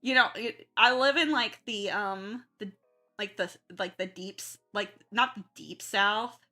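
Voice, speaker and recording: A young woman with a Midwest-Southern American accent chats unhurriedly while she draws. Her voice is bright and forward, and she rambles and restarts her sentences. Soft music plays faintly behind her. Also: mid-range voice, unhurried. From southern United States. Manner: rambling, self-correcting, chatty. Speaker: art streamer. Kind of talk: casual chat while drawing.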